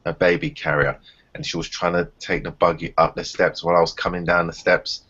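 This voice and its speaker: A man's voice: fairly quick, slightly rough. A man chatting casually on a group video call, telling stories and acting out other people's voices. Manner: animated storyteller, acts out others in high voices. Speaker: round table panelist. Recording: dull lo-fi call audio.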